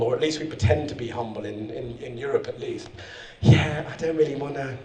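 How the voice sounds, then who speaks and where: A man's voice: on the high side, recorded from a distance. A man giving a rousing motivational speech at a conference, speaking straight to the audience. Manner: energetic, rousing, direct to the audience. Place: conference hall. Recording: echoey hall, speaker off-mic.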